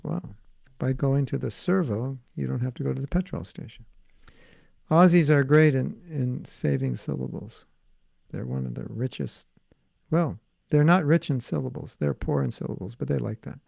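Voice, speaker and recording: A man's voice: mid-range voice, creaky, warm tone, no room sound. An American man, a spiritual teacher, giving an online class with questions and answers, playful, often acting out little dialogues and laughing. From United States.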